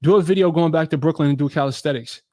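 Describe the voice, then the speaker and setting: A man's voice: a little high, fast, a little mellow. A man from New York hosting a casual live Q&A stream, talking loosely in slang and greeting viewers by name. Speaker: fitness creator hosting a live Q&A. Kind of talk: casual livestream chat.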